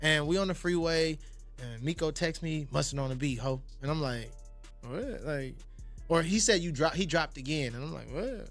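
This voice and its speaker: A man, a music producer, telling casual, profane stories in a fast, animated way. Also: on the high side. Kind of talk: casual storytelling in interviews.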